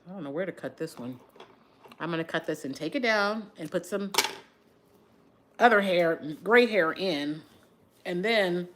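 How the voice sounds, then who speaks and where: A woman chatting casually on her livestream, telling a story while doing her hair, with an animated, lively delivery. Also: slight background noise. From Texas area. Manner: animated storyteller, shifts to high voice when quoting shouts. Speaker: livestream host.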